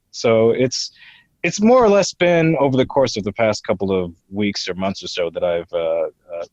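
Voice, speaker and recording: A young man in his twenties talks in a low voice, hesitating often with "uh" and "um". The sound is slightly dull and very dry, like a home mic. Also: no echo. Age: 20s. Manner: hesitant, many fillers, slips into character voices. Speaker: guest voice impressionist. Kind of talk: podcast interview.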